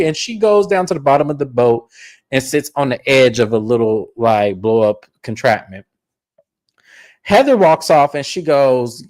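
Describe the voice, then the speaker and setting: A man hosting a casual reality TV recap, animated and blunt, swearing freely and acting out quotes. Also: unhurried, no room sound, clean studio sound. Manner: animated, acts out quotes in a high put-on voice.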